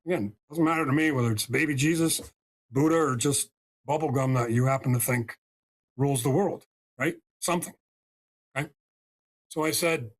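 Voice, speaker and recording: Speaking at a normal speed with long pauses, this medium-pitched American man is a spiritual healer guesting on a podcast. He tells his story with emphasis and keeps checking in with listeners through "right?" and "okay?".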